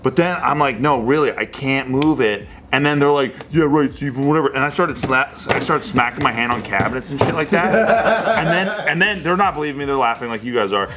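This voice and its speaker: Profane, animated male storyteller. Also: on the high side, fast talker, few pauses, a loud crowd. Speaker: podcast co-host. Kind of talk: casual storytelling chat.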